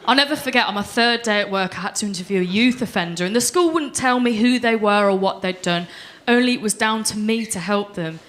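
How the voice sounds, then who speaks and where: A young woman performing a deadpan stand-up set on a comedy club stage. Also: medium pitch, a little fast, hardly any pauses, slight background noise. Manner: deadpan storytelling with voiced quotes.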